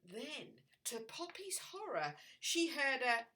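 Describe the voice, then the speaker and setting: A woman teacher reads a picture book aloud to children, slow and very expressive. Her voice is bright and swings widely in pitch. She sounds a little away from the mic. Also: recorded from a distance.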